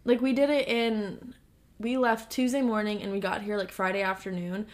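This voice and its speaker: A young woman co-hosting a podcast, telling stories in a chatty, animated way with lots of "like". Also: mid-range voice, normal speed. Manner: chatty, animated storytelling with frequent "like". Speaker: podcast co-host. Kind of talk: casual chat.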